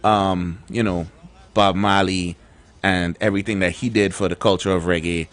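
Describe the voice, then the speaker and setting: A man's voice: low voice, fairly even intonation, moderate pace, a bit bright. A man co-hosting a casual radio chat, talking in a chatty, rambling way with many repeated words. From Trinidad and Tobago. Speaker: radio show co-host.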